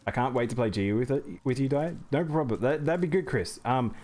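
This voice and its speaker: A man's voice: mid-range voice, fairly quick, a little mellow. Male streamer, mid-range voice, talks through his game and greets chat. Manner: chatty, reacts to chat and thanks viewers. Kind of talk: live gameplay commentary.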